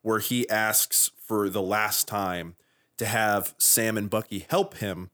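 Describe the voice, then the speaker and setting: A man in casual chat about a TV show, animated and acting out the scenes he retells. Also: lowish voice, takes it slowly. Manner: animated, acts out scenes in quoted voices.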